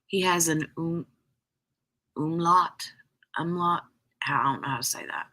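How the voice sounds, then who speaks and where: A woman's voice: low voice, fairly quick, bright, forceful tone, slightly rough. A woman hosting a craft live stream, chatting casually with viewers in a rambling way full of "like" and "um".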